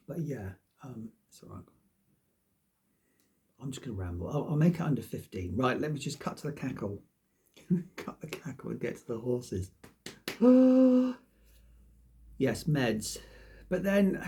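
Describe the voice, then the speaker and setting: Gravelly-voiced man rambling. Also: medium pitch, warm tone. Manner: rambling, self-deprecating, swears freely. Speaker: vlogger. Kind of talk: casual rambling monologue to camera.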